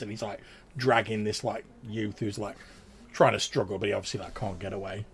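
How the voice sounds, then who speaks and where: A man's voice: lowish voice, flat delivery, brisk, creaky, husky. A man narrating as game master of a tabletop game, in loose, filler-heavy speech.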